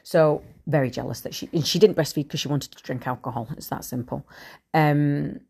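A middle-aged woman with a notably low-pitched voice speaks candidly to her podcast listeners. Her delivery is frank and conversational, with the occasional swear word slipping in. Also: normal speed, creaky, a little mellow, husky. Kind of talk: candid personal monologue.

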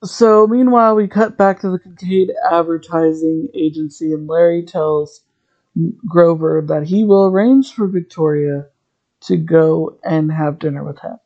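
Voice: medium pitch, a little slow, dark tone, highs cut off. A podcast host recapping a TV episode in a chatty, rambling way, drifting into tangents.

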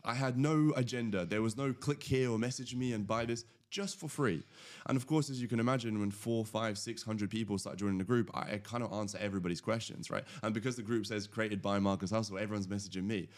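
A British man in his thirties, a podcast guest telling his origin story in a rambling, self-correcting, animated way. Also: fairly low pitch, quick pace. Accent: British English. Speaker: podcast guest, agency founder. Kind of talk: casual storytelling interview.

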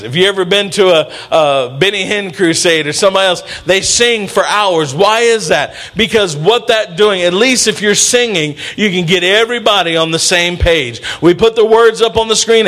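Animated man preaching with a high voice. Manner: animated preaching with playful asides, acts out voices. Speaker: pastor. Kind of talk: sermon.

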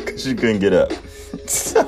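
A man in his thirties with a very low voice tells childhood stories on his podcast in a loose, casual way. He laughs often and jumps into high voices when quoting people. Faint music plays underneath. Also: measured pace. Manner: laughs often, animated storytelling, acts out quotes in high voices. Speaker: podcast host. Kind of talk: casual storytelling.

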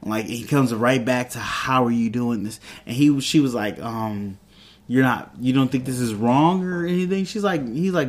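Casual man rambling through a show recap. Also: medium pitch. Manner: rambling, retells scenes with quick quoted voices. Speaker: TV show reviewer.

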